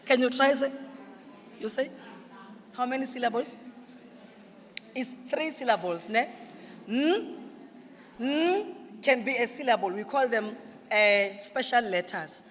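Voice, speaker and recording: A woman's voice: fairly high pitch, a bit bright. A woman leads a teacher workshop, patiently spelling out sounds and syllables and tossing questions to the room. Her voice carries a long reverb off the walls of a large hall. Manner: explains slowly, sounding out letters and syllables. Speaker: literacy trainer presenting to teachers. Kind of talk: workshop presentation with audience questions.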